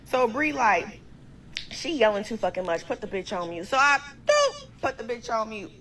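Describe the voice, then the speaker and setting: A woman's voice: medium pitch, normal speed, a little hiss or hum. A woman telling a messy relationship story in a casual, profane rant, acting out everyone's lines. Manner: profane, animated, quotes people in her own voice.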